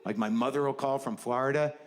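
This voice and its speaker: Speaking quickly and in a steady tone, a man with a medium-pitched voice does a profane, meandering, conversational stand-up routine onstage. Background noise is present, along with faint laughter from the live audience.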